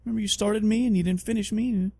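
A man's voice: high voice, steady tone, rapid-fire, darkish tone, husky, dry recording, pitched above the performer's own voice. A man putting on a sulky jilted video game. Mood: sulking reproach. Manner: whining, guilt-tripping.

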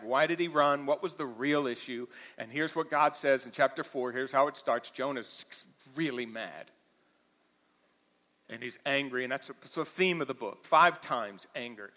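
A man preaching a sermon to a church, talking conversationally, dropping to quiet asides and rising to loud emphatic peaks. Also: a little high, long reverb tail. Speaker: pastor. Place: church auditorium.

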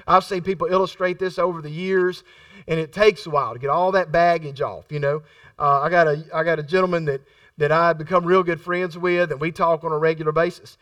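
A man's voice: a little high, fairly bright tone, no echo, distant mic. A middle-aged man preaching a sermon in a conversational style, repeating phrases for emphasis and acting out the voices in his stories. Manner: acts out quoted voices in his storytelling.

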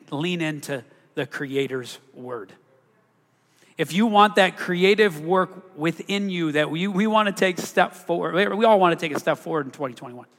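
A man's voice: a little high, a bit bright. Preaching man in a reverberant hall. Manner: conversational preaching, rhetorical questions to the congregation. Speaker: pastor. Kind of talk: sermon.

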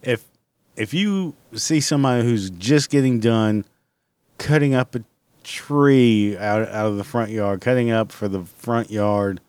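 A man's voice: on the low side, unhurried, a little mellow, clear, resonant tone, no echo. A man hosting his own podcast from home, ranting in a casual, blunt and rambling way with constant swearing. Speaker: podcast host. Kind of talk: casual solo podcast rant.

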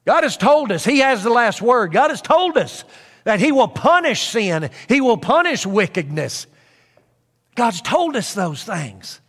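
A man's voice: very high-pitched, sing-song, measured pace, fairly bright tone, in a large hall. A man preaching a sermon in an earnest way, repeating phrases for emphasis with frequent fillers.

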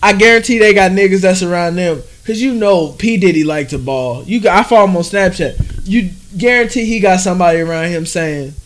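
A man co-hosting a casual chat podcast, animated and joking, slipping into quoted voices. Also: high-pitched, fairly quick, hardly any pauses. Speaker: podcast co-host.

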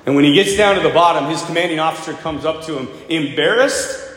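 A man preaching a sermon to his parish, retelling a story with animated, dramatic delivery. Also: fairly high pitch, quick pace. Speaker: priest. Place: church. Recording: echoey church hall.

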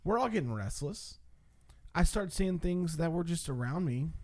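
A man tells a wild night-out story in a low, mellow voice. He swears freely and slips into quick voices for the people he quotes, all loose and casual. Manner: animated, profane, acts out quotes. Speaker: storyteller among friends.

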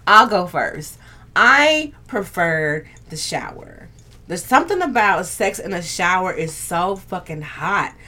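A woman's voice: on the low side, expressive, takes it slowly, bright, forceful tone. A young woman hosting a casual livestream, bantering with viewers, reading their comments aloud and laughing often. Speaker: livestream host. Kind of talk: casual live chat.

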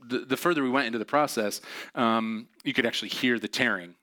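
Bright-voiced man telling a story. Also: medium pitch, a little fast. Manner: chatty, self-deprecating, many fillers. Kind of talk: personal storytelling.

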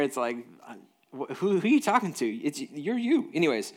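A man's voice: mid-range voice, wildly swooping pitch, fast. A man preaching a sermon in a conversational way, reading scripture and breaking off into jokey asides. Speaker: pastor.

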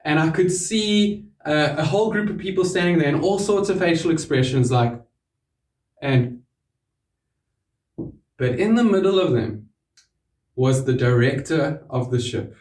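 Preacher, male, slightly high voice, earnest, hushed drops, roomy distant sound. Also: measured pace, pauses often. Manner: earnest, with sudden drops to a hush on key words. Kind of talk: sermon. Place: church hall.

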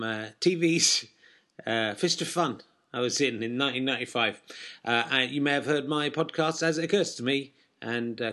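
A man's voice: medium pitch, bright, forceful tone. A man in his forties, a comedian and podcast host, giving a rambling, wry promotional monologue full of ums and uhs.

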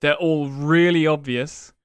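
A man co-hosting a podcast in casual chat, talking slowly and deliberately with many pauses and ums as he explains. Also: a little high, fairly even intonation, clear, resonant tone, no echo. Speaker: podcast co-host.

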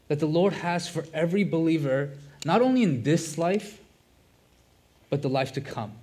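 An earnest man preaches a sermon to his congregation, his voice sitting a little high for a man. He stresses key phrases by repeating them. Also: darkish tone. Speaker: pastor.

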